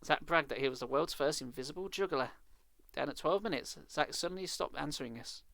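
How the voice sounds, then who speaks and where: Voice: medium pitch, fairly quick, vocal fry, fairly bright tone, dry recording. A streamer reading a children's horror book aloud live, with casual, sarcastic, swearing asides.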